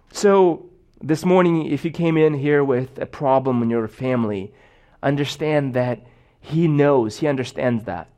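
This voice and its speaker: A man's voice: medium pitch, a little mellow. A young man preaching a sermon in a casual, storytelling way, full of fillers and restarts. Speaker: pastor.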